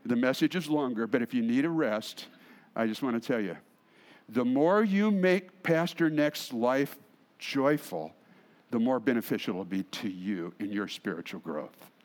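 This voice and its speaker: A man preaching a sermon as pastor, expressive, swinging between emphatic lines and hushed asides. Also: mid-range voice, a little slow.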